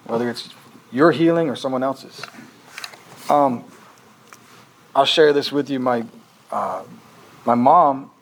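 A man's voice: mid-range voice, takes it slowly, long pauses, rough recording. Man, pastor, conversational sermon, earnest, faint background hum. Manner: earnest, questioning, with frequent restarts.

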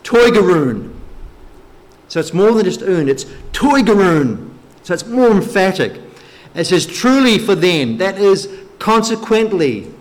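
A man preaching a sermon, teaching slowly and emphatically through Bible verses. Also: high-pitched, sing-song. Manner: slow, emphatic Bible teaching with occasional light laughs.

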